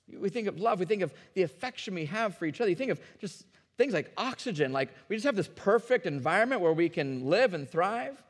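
Pastor guy giving a sermon, chatty and earnest, keeps repeating words, slightly high voice, long church echo.

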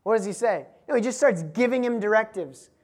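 A woman with a high, darkish-toned voice preaches a sermon in a brisk, animated style, posing rhetorical questions and strongly stressing key words. She also adds laughing asides to the congregation.

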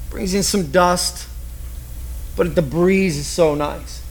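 A man preaching a sermon with lively storytelling, acting out the people he quotes. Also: high-pitched, slow pace. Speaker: pastor.

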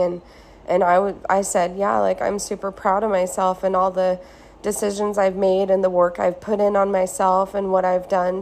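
Woman, solo podcast host, earnest casual chat, steady level tone, phone mic in a hotel room. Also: mid-range voice. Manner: casual, earnest, heavy use of "like". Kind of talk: reflective solo podcast monologue. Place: hotel room at a beach resort.

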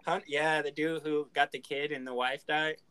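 A man's voice: a little high, level tone, moderate pace, sharp tone, clear, resonant tone, low-quality recording. A young man in casual chat with friends, joking and acting out what other people say. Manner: joking, acts out others' lines.

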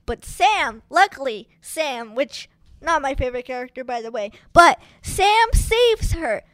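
Co-host, woman, high voice, slow unhurried delivery, chatty film recap. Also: no room sound. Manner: chatty, animated storytelling. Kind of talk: casual film recap chat.

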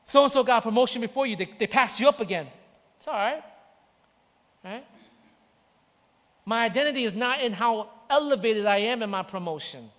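A man's voice: very high-pitched, animated, normal speed, pauses often, fairly bright tone. A man preaching a sermon as pastor, impassioned and repetitive. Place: church. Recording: church hall reverb.

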